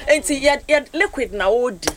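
A woman hosting a radio morning devotion, urging listeners to give thanks in an animated, exhorting way while switching languages. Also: sits high, normal speed, slight background noise.

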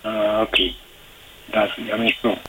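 A man with a Ghanaian accent calling a radio show, talking haltingly and restarting sentences. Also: on the low side, little pitch movement, background noise. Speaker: caller. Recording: distant phone caller.

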